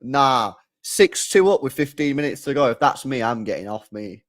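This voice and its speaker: A young man live-streaming a football watchalong, excitable and loudly groaning at what he sees. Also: medium pitch, normal speed. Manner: excitable, shouting groans of disgust.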